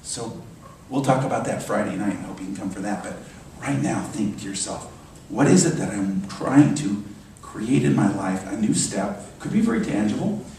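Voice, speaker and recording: A man delivering a sermon as a minister, animated and emphatic, often repeating his phrases. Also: fairly low pitch, moderate pace, gravelly, slight background noise. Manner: animated, emphatic preaching with repetitions. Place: church sanctuary. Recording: echoey church hall from far off.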